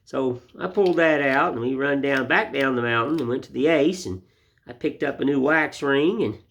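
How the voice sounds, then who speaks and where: Man, mid-pitched voice, folksy, rambling, talks to folks while carving, wood shop. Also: normal speed, fairly bright tone. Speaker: woodcarving channel host. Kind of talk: casual folksy talk to viewers while whittling.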